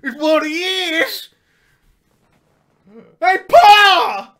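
A man's voice: extremely high pitch, voice pushed up, full character voice. A man doing a hollering redneck. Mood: alarmed shouting. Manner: yelling, drawn-out hick delivery. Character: loud shouting redneck man, hostile and alarmed.

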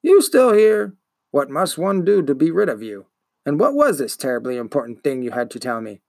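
A man voicing a gruff, grumbling old male bookseller who smokes a pipe and dislikes children, speaking in a slow, disdainful growl. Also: on the high side, very animated, a little mellow, no room sound, studio quality. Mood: sarcastic.

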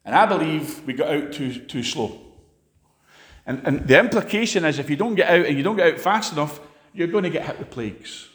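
A man preaching a sermon, impassioned, swinging sharply between loud and quiet. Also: lively intonation, fairly quick. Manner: impassioned, rises and drops sharply in pitch and volume. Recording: long hall reverb.

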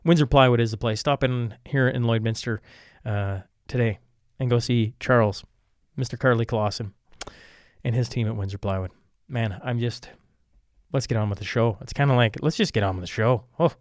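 A man's voice: medium pitch, moderate pace, a little mellow, dry recording, studio quality. A Canadian man hosting a podcast, fighting a cold, rambling through ad reads and tripping over his words with self-deprecating asides. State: has a cold. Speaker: podcast host reading sponsor ads. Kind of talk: casual podcast intro with ad reads.

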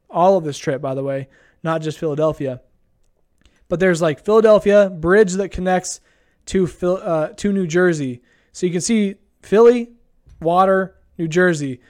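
A young man with a fairly high voice recounts his trip in a loose, rambling vlog style. He talks laid-back and easygoing, dropping plenty of ums and uhs along the way. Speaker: vlogger. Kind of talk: casual travel storytelling.

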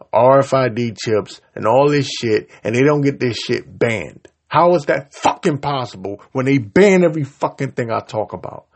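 Podcast host, male, husky voice, furious cursing rant, lively pitch. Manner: angry, profane and heated, talking over himself. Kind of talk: ranting solo podcast.

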